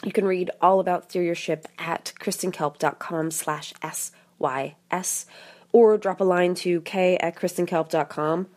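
A woman's voice: lowish voice, fairly even intonation, unhurried, a little mellow. A woman hosting a podcast alone, talking in a chatty, encouraging way with wry asides while sick and sucking a cough drop. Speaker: podcast host. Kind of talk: casual solo podcast monologue.

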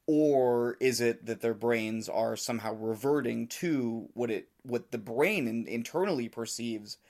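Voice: medium pitch, measured pace, darkish tone. A podcast co-host thinking aloud in casual conversation, hesitant and speculative.

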